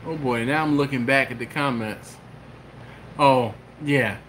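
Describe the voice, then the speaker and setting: A man's voice: mid-range voice, unhurried, a bit bright, slight background noise. A man hosting a casual live stream from his home kitchen, reading viewer comments aloud and riffing on them. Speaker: host.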